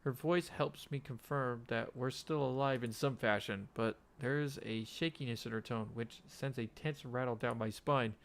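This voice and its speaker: A man's voice: mid-range voice, moderate pace, vocal fry, few pauses. Casual young man reading a game aloud. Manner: casual, stumbles and rereads lines. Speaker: gamer reading a visual novel aloud. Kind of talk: let's play narration, reading game text.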